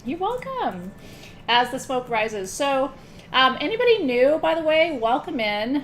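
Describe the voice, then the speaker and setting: A middle-aged woman running a live-streamed spiritual ceremony speaks at a measured pace in a high, very animated voice. Slight background noise is audible as she chats, jokes at her own expense, swears lightly and laughs a good deal.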